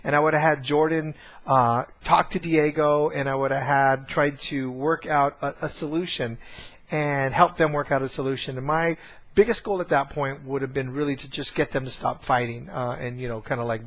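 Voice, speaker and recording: A man's voice: medium pitch, fairly bright tone. A man casually telling a family story to camera, rambling with many fillers and restarts. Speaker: course trainer.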